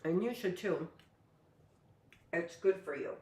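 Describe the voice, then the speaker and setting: A woman in her late fifties teaches a casual live lesson from her kitchen, talking in a loose, rambling way full of asides and "you know." Her voice sits a little low. The sound carries the echo of a hard-surfaced room. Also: animated, slow, mellow. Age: 50s. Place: home kitchen.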